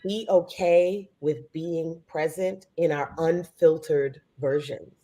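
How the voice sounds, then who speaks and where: Low-voiced woman telling a story. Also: takes it slowly. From the Bronx, New York. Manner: animated storyteller, quotes others in a raised voice. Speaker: co-host. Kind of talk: casual chat, telling a story.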